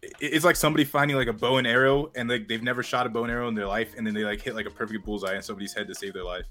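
A man's voice: medium pitch, fairly even intonation, racing, fairly bright tone. A man co-hosting a casual podcast, talking loosely with "like" every few words. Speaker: podcast co-host. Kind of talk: casual chat.

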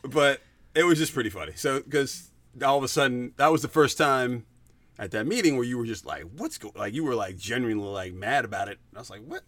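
A man co-hosting a chat show, telling a dating story in a casual way and acting out quotes with big jumps in pitch. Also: animated, brisk, fairly bright tone, dry recording. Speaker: podcast co-host.

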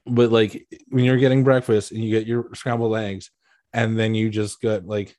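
A man's voice: mid-range voice, fairly quick, no room sound, clean studio sound. Rambling, incredulous man in casual chat. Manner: rambling, incredulous, animated riffing. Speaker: podcast co-host.

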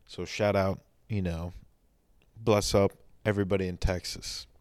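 A man's voice: low voice, fairly even intonation, unhurried, darkish tone, clean tone, no echo. A man in a rambling comedy monologue, talking to his audience in a mock-soothing, sarcastic way, full of restarts.

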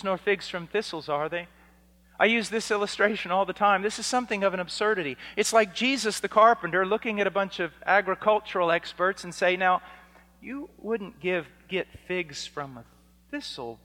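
A male preacher delivers a sermon in a bright, somewhat high voice. He speaks slowly and deliberately, pushing hard on key lines and dropping to near-quiet on others. His voice rings with the long reverb of a hall. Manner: emphatic, swinging from loud to hushed.

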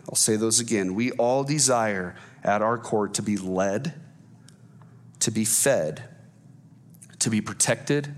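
A man's voice: mid-range voice, fairly bright tone. A man preaching a sermon as pastor, driving points home with repetition and rising emphasis through lists.

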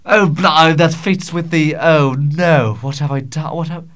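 A man's voice: on the high side, measured pace, fairly bright tone. A man hosting a podcast in a casual solo Q&A, rambling and self-mocking with frequent stammers and swearing, in a small home studio. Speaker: podcast host.

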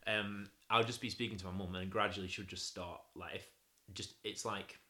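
Young man, casual podcast chat, bright forceful tone, lower voice, laughs a lot. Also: moderate pace. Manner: laughs often, gets loud and animated telling stories. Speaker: podcast co-host.

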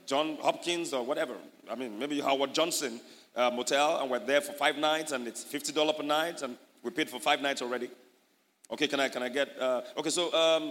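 A man preaching an animated sermon as a pastor, his voice rising loud on key points. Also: medium pitch, brisk, long reverb tail.

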